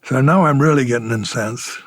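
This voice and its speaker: A man's voice: medium pitch, normal speed, dry recording. An older man, a retired fighter pilot, telling war stories in an oral history interview, chuckling and acting out the exchanges he quotes.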